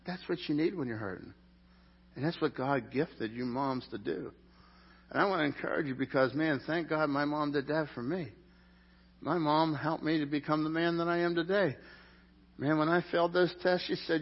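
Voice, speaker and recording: Animated preaching man, dull lo-fi sound. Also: on the high side, moderate pace, breathy edge. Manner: animated, jokey preaching with sudden loud peaks. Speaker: pastor. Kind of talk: sermon.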